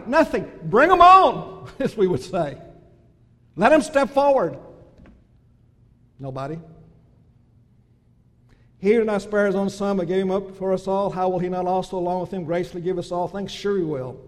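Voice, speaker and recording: A man preaching a sermon, swelling into loud emphatic lists and then dropping to a soft, low delivery. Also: big-room sound.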